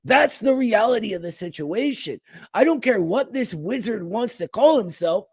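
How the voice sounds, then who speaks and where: Emphatic man with a slightly high voice. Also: animated, moderate pace, slightly rough, no echo. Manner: emphatic, calls people brother. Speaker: co-host. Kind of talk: casual political talk show chat.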